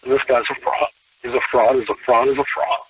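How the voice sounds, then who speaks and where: A man, a podcast guest, talking in an animated casual way with many restarts and repeated words. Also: medium pitch, brisk, distant mic, a little hiss or hum. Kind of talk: casual conversation. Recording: tinny phone-line call.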